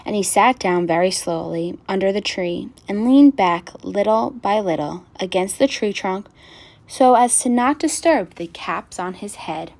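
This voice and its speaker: A woman reading a picture book aloud with gentle, expressive narration. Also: mid-range voice, measured pace, gravelly. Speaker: storyteller.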